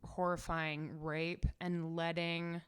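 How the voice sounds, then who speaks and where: A young woman chats on a casual podcast, picking things apart with plenty of laughter. Her voice sits low and comes out smooth and resonant. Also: little pitch movement, slow. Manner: chatty, analytical, laughs often. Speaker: podcast co-host. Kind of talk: casual chat.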